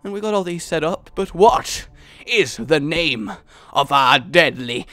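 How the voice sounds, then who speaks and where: A man hosting a gaming channel, giving excitable, rambling gameplay commentary full of giggles. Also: on the high side, unhurried, no room sound.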